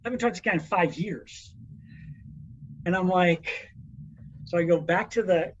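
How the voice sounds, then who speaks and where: Higher-voiced man telling a story, lo-fi. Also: moderate pace, a little hiss or hum. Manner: animated storytelling. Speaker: podcast co-host. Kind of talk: casual chat.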